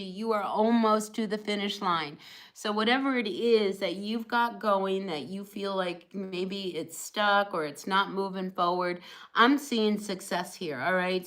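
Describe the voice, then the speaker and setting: A woman's voice: medium pitch, a bit bright, poor audio. A woman giving a casual, chatty live tarot reading, encouraging her viewers with lots of fillers like "you know" and "all right". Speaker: tarot reader.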